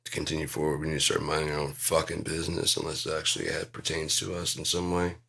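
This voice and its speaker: Gravelly deep-voiced man ranting profanely. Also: monotone, fast, pushed and bright. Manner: swears constantly, jumps between topics, mimics voices. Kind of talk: profane rambling monologue.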